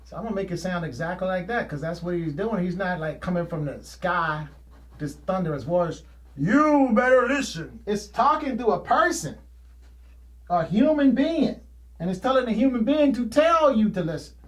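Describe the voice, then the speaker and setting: High-voiced folksy man rambling. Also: lively intonation, normal speed. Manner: folksy, plain-spoken, laughs often. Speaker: painter hosting his own show. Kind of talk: casual rambling monologue.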